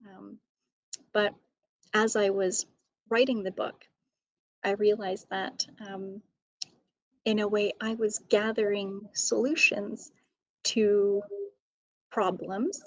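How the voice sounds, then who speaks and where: A woman author and educator who answers interview questions slowly and steadily. She often fills her pauses with ums. The sound is close and dry, with no room echo. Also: mid-range voice, level tone, highs cut off. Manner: measured, many ums.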